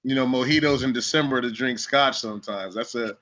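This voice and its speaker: Bright, animated man telling stories. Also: medium pitch, a little fast. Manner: animated, laughing, swears freely. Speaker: podcast co-host. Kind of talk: casual chat and storytelling. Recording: dull lo-fi audio.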